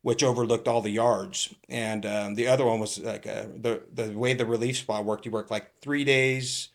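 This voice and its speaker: A man's voice: mid-range voice, fairly even intonation, normal speed. A middle-aged man from California, a retired police captain, telling rambling stories in a casual interview, swearing and acting out what people said. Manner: rambling, swears, acts out quoted lines.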